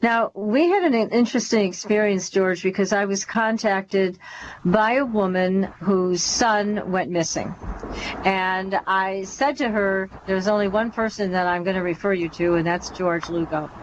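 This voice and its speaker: A woman's voice: medium pitch, unhurried. A woman hosting a radio interview, attentive and affirming, drawing out her guest. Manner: attentive, affirming, many short responses. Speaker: radio show host. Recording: dull lo-fi sound with faint noise.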